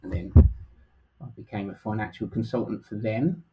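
A middle-aged man talks casually as an interview guest, easygoing and full of hesitant ums. His voice is low with a noticeable gravelly fry. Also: moderate pace, heavy background noise. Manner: relaxed, hesitant, frequent ums. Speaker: guest, financial planner.

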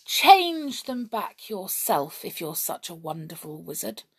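A woman voicing a boastful, excitable male goblin in a storybook reading, with loud shrill outbursts. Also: a little slow, slightly rough, full character voice. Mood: shouting.

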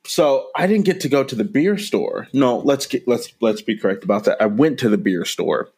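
A man's voice: medium pitch, animated, normal speed, a little mellow, slightly rough. A man co-hosting a movie podcast in casual chat, teasing his partner and rambling through stories. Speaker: podcast co-host.

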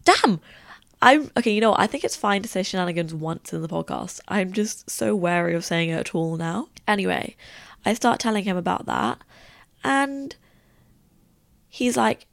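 A woman's voice: medium pitch, lively intonation, moderate pace, vocal fry, no echo. A young woman, hosting a podcast and telling stories in a chatty, rambling way with lots of "like". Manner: chatty, rambling, heavy use of "like". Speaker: podcast host. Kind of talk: casual storytelling chat.

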